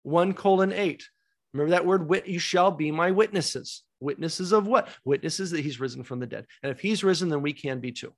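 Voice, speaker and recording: A man's voice: on the high side, a little fast, gravelly. A man teaching a Bible study class, emphatic, asking rhetorical questions and repeating key words.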